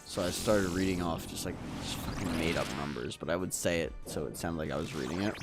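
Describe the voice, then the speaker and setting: A man's voice: low-pitched, a little fast. A man streaming a game, chatting loosely with viewers, swearing freely and telling rambling stories. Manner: chats with viewers between fights. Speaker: livestreaming gamer. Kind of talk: casual live-stream chat. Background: game music.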